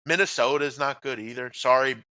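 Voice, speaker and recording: Bright-voiced blunt trash-talking guy. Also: mid-range voice, steady tone, brisk, no room sound, lo-fi sound. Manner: blunt, trash-talking, drops off at phrase ends. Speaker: co-host. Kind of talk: casual sports radio banter.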